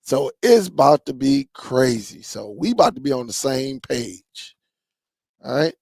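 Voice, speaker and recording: Male stream host, unhurried and gravelly, casual slangy banter with chat, dry close sound. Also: medium pitch, big pitch swings, a little mellow, no echo. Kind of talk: casual live-stream chat reading comments.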